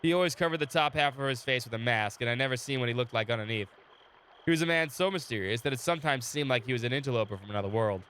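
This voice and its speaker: A man speaks rapid-fire in a mid-range, fairly bright voice over slight background noise, chatting on a live game stream and reading its story text aloud. He's chatty, laughs often, and talks to chat between readings, all while nursing a sore throat as he recovers from illness.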